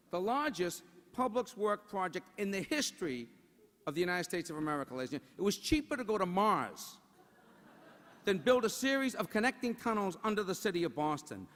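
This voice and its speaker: A man's voice: high voice, fairly bright tone. A man doing a roast comedy routine in a large banquet hall, joking and tossing rhetorical asides to the crowd. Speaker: roast speaker. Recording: long hall reverb.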